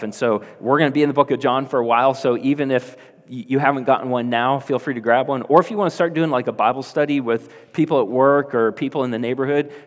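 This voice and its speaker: Man, pastor, sermon, earnest, emphatic peaks, mid-pitched voice, long church reverb. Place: church hall.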